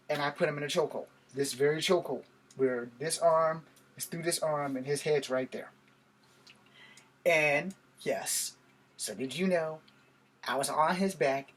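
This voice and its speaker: A man's voice: fairly high pitch, breathy edge. A middle-aged man vlogging, telling a story in a casual, blunt and profane way. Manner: blunt, profane, animated retelling of a fight.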